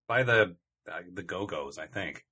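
Bright, husky-voiced man rambling wryly. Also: deep voice, expressive, unhurried. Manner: rambling, self-interrupting, dry complaining humor. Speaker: podcast co-host. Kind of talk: casual comedic chat.

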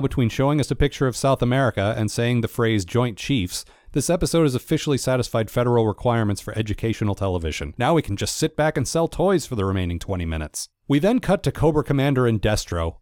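A man's voice: mid-range voice, darkish tone, no echo. Dry, sarcastic male recap narrator. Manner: sarcastic, wry asides. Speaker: cartoon reviewer. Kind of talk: comedic episode recap narration.

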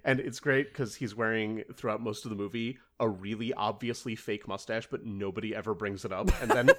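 A man's voice: lowish voice, steady tone, fairly quick, a bit bright. A man co-hosting a podcast, talking casually with many fillers and restarts. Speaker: podcast co-host. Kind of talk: casual chat.

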